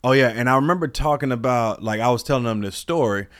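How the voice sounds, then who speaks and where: A man co-hosting a podcast, telling army stories in a loose, animated way and acting out the voices of people he quotes. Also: mid-range voice, quick pace. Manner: animated storyteller, mimics others' voices. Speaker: podcast co-host. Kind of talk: casual chat.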